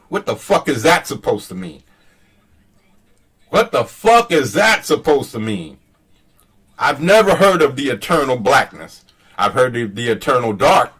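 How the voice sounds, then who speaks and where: A man's voice: mid-range voice, a bit bright, reverberant, distant mic. A man hosting his own channel in a heated casual rant, profane, emphatic and argumentative. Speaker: channel host.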